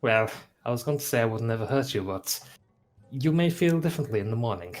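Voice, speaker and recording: A man voicing a courteous, soft-spoken gentleman in a tabletop game. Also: medium pitch, animated, brisk, soft background music, natural voice. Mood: soothing. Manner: polite, hushed, gentle.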